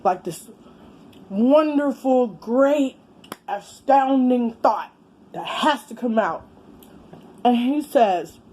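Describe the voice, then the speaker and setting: A middle-aged woman, chatting casually as a vlogger while eating, exclamatory and quick to laugh. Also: fairly high pitch, lively intonation, a little mellow. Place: home, with a fan running.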